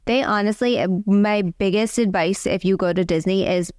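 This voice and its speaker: Smooth-voiced chatty mom, dry mic. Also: female voice, mid-range voice, normal speed, a little mellow, no room sound. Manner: chatty, earnest, heavy on "like" fillers. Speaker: co-host, mother. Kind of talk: casual chat.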